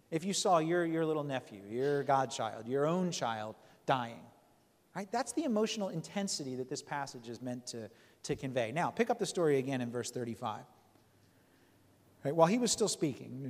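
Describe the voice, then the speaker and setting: A man's voice: fairly high pitch, big-room sound. A man preaching a sermon, reading scripture aloud and explaining it in a conversational way, often checking in with "right?" and restarting phrases.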